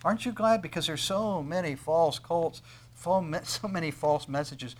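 A middle-aged man preaches a sermon with a voice that sits a little high. He swings from quiet, conversational explanation to loud, ringing emphasis as he reads scripture aloud. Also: moderate pace. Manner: builds to loud, soaring emphasis on scripture readings, then drops to quiet. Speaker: pastor.

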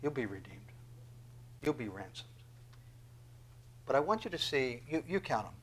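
A man preaching a sermon, reading scripture aloud and swinging from loud emphatic declarations to hushed whispers. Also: mid-range voice, sing-song, normal speed, slightly rough, poor audio. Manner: acts out dialogues with God in other voices. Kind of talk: sermon, Bible teaching.

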